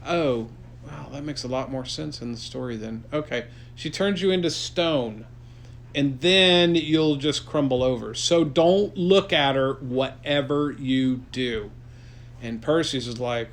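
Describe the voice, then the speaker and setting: A man improvising a silly story for his child, playful and rambling with deadpan jokes. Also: mid-range voice, a little slow, slight background noise.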